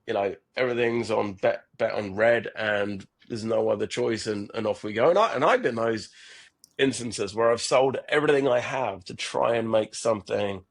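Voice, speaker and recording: Appearing as a guest on a podcast, this middle-aged man, a startup founder, talks at a moderate pace in a voice on the low side. The interview is reflective and conversational, and he is earnest, frequently repeating words and starting his sentences over.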